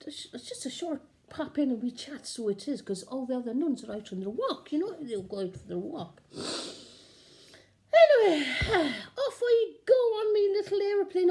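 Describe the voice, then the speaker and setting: A woman's voice: high voice, warm tone. A woman playing a cheeky, gossiping nun in a chatty, improvised comic monologue, giggling often.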